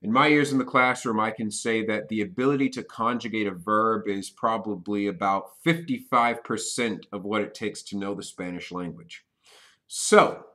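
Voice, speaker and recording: A man teaching a recorded Spanish lesson in a patient way, often checking in with "okay?" and stressing key words loudly. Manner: stresses key words with sudden loud, high emphasis.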